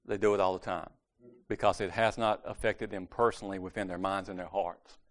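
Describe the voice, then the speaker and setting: A man's voice: low voice, level tone, fairly quick, a little hiss or hum. A man giving a casual, conversational sermon at a church meeting, correcting himself and joking lightly as he goes.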